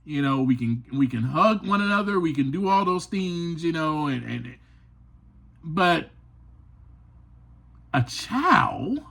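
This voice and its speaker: An earnest man talks slowly through a personal story on his podcast, his voice swooping widely from high, passionate peaks to low, quiet asides. He is emphatic and open. He takes his time over each thought. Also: very animated, vocal fry. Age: adult. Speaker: podcast host. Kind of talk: personal reflective monologue.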